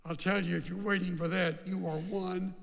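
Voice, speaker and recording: Gravelly-voiced preacher in a reverberant hall. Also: male voice, sits high, level tone, moderate pace, a bit bright. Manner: emphatic, repeats phrases for stress. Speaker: pastor. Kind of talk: sermon.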